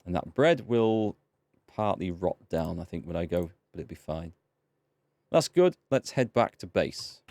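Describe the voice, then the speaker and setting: A man's voice: sits low, lively intonation, normal speed, darkish tone. A man chatting casually with wry asides while playing a video game as a let's play host. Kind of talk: casual gameplay commentary.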